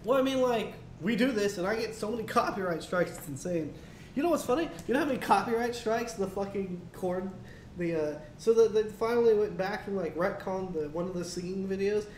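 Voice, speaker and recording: A high-pitched man co-hosting a casual news chat, breaking off from reading articles with offhand swearing. His voice echoes around the room. A faint rumble sits underneath. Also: brisk, darkish tone. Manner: profane, offhand, reads in a mock posh voice. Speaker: co-host.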